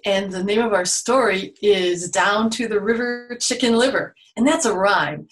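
A woman's voice: medium pitch, normal speed, few pauses, faint music behind. A woman hosting a children's storytime for an online video, playful and full of exaggerated exclamations. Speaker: children's museum storytime host. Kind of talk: children's storytime, told to camera. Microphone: video recorded for online viewing.

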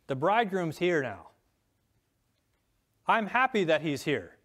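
A man's voice: on the high side, big pitch swings, measured pace, long pauses, fairly bright tone. A middle-aged man preaching a sermon as pastor, earnest, reading scripture aloud and rising in voice on key lines.

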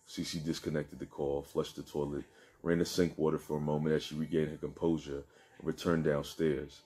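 A man reading aloud from a novel in a steady, subdued way. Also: a bass voice, moderate pace. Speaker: narrator reading his own novel. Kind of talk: book reading.

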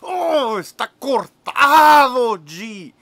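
A man's voice: very high-pitched, very animated, pushed and bright, no echo, studio quality, voice pushed up, full character voice. A man voicing his male prison partner as gushing and flirty, drawing out each word. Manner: drawn-out, swooning, lingering on each word.

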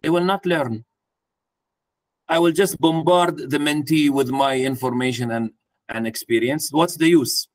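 A man addresses a live audience in an interactive mentoring workshop talk, asking the room questions and acting out a parent speaking to a child. His voice is fairly high and he speaks a little slowly.

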